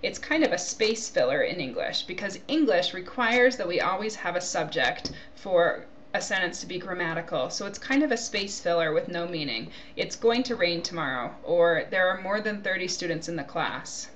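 A woman's voice: fairly low pitch, animated, normal speed, hardly any pauses, a bit bright, slight background noise. A woman giving a recorded grammar lecture, explaining points through spoken example sentences and checking in with "okay?". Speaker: grammar teacher.

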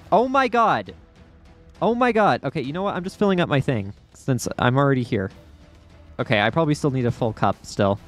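A man giving excitable gameplay commentary as a YouTuber, yelping and laughing often as things happen. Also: mid-range voice. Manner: excitable, quick to yelp and laugh. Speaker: gaming YouTuber.

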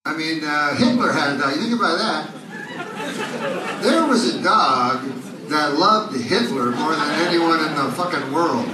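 A man's voice: fairly high pitch, background noise. A man doing a profane, rambling stand-up set in a comedy club. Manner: rambling, profane, loose storytelling. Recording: echoey bootleg audience recording from far off. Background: laughing crowd.

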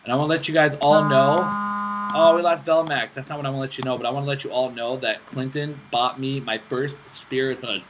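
An excitable young man rattles off joking, self-mocking gameplay commentary, swearing often. His voice sits at an ordinary middle pitch. A steady hiss of background noise and mouse clicks runs under the recording. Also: a little fast. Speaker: gaming channel host. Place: indoors, playing on a laptop with friends in the room.

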